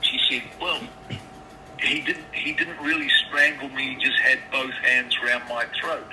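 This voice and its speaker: A man's voice: mid-range voice, steady tone, a little slow, bright, forceful tone. A man on a phone call, swearing often and stammering through restarts as he tells his side. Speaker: caller. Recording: phone line with background noise.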